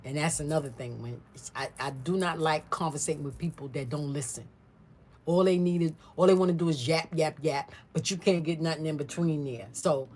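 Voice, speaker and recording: A woman's voice: low voice, moderate pace. Woman, just chatting through a family story, acts out what folks said. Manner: animated, mimics other people's voices. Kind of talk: casual storytime chat.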